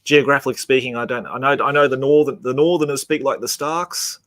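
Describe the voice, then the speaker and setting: A man's voice: medium pitch, a little fast, fairly bright tone, dry recording. Chatty matey man, dry close sound. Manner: chatty, matey banter, laughs often. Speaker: host. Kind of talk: casual hobby chat.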